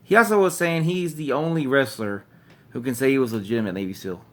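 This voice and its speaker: A man's voice: mid-range voice, brisk. Casting note: male wrestling reviewer, loose and rambling, self-correcting, mid-range voice. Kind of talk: casual recap commentary.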